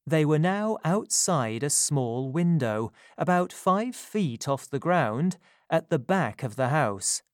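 A storybook narrator reading at a deliberately slow, measured pace. The voice sits at a middling pitch and is recorded close and dry, with no room sound. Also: expressive, no echo.

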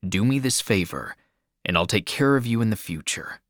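A man voicing a controlled male family adviser who gives orders in a calm, firm, low voice. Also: moderate pace, no room sound, studio quality.

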